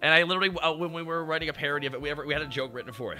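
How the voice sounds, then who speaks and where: Excitable man with a very bright voice. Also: fairly high pitch, rapid-fire, few pauses, faint music behind. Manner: excitable, rambling, swears freely. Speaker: show host. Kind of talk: casual chat reviewing robot designs.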